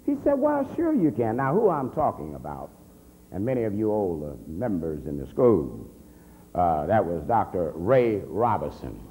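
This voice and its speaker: Male minister, convention testimony, wildly animated pitch, echoing hall, faint hum. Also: normal speed. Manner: storytelling, swings from low murmur to shouting.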